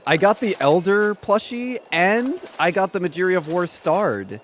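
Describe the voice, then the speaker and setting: A young man streaming a game, chatting casually in an excitable, dramatic and sarcastic way. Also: high-pitched, measured pace, slight background noise. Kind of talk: casual gaming livestream chat.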